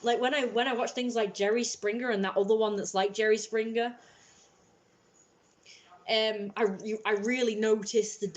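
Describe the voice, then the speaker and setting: An English woman hosts a casual livestream chat, rambling along and peppering her speech with "like" and restarts. Her voice is a little high, with a steady tone and a normal speaking speed.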